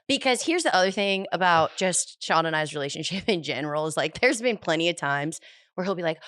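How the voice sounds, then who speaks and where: Lively woman laughing through a story. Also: fairly low pitch, fast talker, no echo, studio quality. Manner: laughing, animated when retelling. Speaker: podcast co-host. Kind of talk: casual chat.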